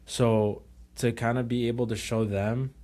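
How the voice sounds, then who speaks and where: A man's voice: mid-range voice, measured pace. A young man co-hosting a podcast, casually retelling a story, acting out quotes and switching into Spanish now and then. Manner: animated retelling, acts out quotes. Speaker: podcast co-host.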